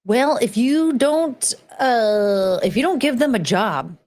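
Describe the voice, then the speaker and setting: A woman's voice: a little high, animated, slow pace, a little mellow. A woman hosting a casual chat while reacting to clips, rambling and blunt, swearing casually. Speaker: host.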